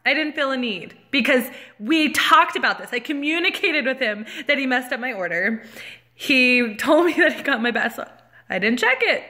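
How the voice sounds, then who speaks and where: An animated woman in her thirties tells a casual storytime rant, her voice a little high and bright with a sharp edge. She laughs often and gets louder as she works herself up. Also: moderate pace. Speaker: vlogger.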